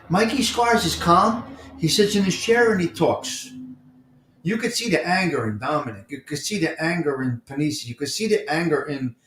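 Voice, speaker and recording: A man with a New York accent talks casually on a live stream, answering chatters by name and hammering his points with repetition. His voice sits at an everyday middle pitch. The room around him rings with a noticeable echo. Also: slight background noise. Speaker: host of a live morning chat stream. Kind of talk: casual livestream chat, reading and answering viewer comments. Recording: roomy echo.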